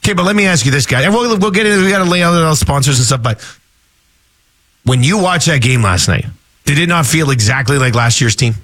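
A man hosting morning sports talk radio, chatty and quick, reading out listener texts between banter. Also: on the high side, animated, a bit bright. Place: radio studio.

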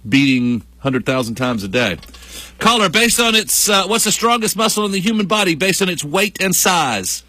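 A man's voice: sits high, very animated, normal speed, pushed and bright. A man hosting a morning radio show, chatty and playful, joking with his co-host in the studio. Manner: chatty, playful, repeats himself for laughs. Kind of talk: jokey morning radio banter. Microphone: studio microphone.

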